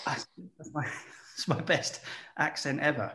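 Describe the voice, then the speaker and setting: A man in casual conversation who talks in an animated way, acting out quoted voices and laughing often. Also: on the high side, a little slow, slight background noise. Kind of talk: casual chat. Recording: echoey room.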